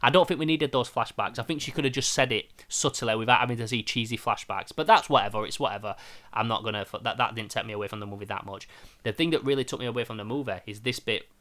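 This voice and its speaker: A man reviewing a film in casual podcast chat, animated and sweary, acting out scenes as he goes. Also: medium pitch, quick pace.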